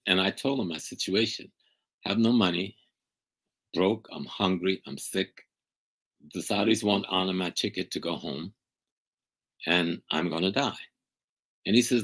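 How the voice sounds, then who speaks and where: An older man speaking as a guest on a video call interview. His voice is very low and husky. He tells his story dramatically, with loud emphatic bursts. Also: animated, unhurried, long pauses, poor audio. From United States. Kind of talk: storytelling in a conversation.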